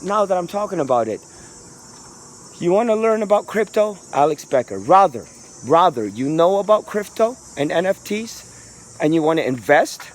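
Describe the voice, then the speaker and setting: A man's voice: sits high, big pitch swings, normal speed. A man vlogging outdoors on a residential street into a handheld phone, talking in a rambling, profane, street-casual way. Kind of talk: casual walking vlog rant.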